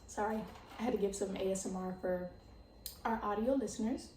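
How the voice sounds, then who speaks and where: Excitable young woman chatting off-mic. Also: medium pitch, brisk, roomy sound, recorded from a distance, noisy background. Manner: excitable, chatty, full of "like" and laughs. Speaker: podcast host. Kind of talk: casual chat.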